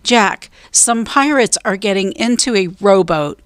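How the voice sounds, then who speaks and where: A woman's voice: medium pitch, animated, measured pace, smooth, dry recording, close to an everyday voice. A woman voicing a bold, bossy young girl who calls out urgently in a storybook reading. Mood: urgent shouts. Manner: urgent, raised, calling out.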